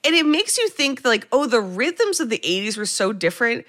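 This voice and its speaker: Podcast lady retelling a movie, bright voice, chatty and animated, swears a bit. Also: a little high, normal speed. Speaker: podcast host recapping a film. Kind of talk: casual chat.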